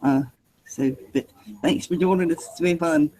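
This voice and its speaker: A man hosting a casual livestream, easygoing and quick to laugh, trailing off in fillers. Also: a little high, mellow, low-quality recording. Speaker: livestream host.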